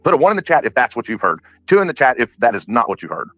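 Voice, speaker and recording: A man's voice: medium pitch, sing-song, rapid-fire, fairly bright tone, dry recording, faint music behind, low-quality recording. A man hosting a livestream, upbeat, thanking donors and addressing the chat. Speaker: livestream host.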